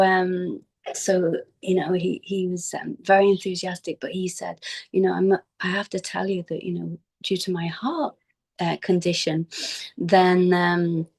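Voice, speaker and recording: A woman sharing a personal remembrance in an informal, halting way, with many fillers and restarts, her voice dropping at times to a near whisper. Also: fairly low pitch, poor audio. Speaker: devotee giving a memorial homage.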